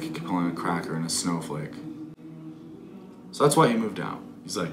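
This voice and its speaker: Deep-voiced young man telling a story. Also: animated, brisk, pauses often. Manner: profane, candid, self-critical. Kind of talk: casual storytelling. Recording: echoey room with background noise.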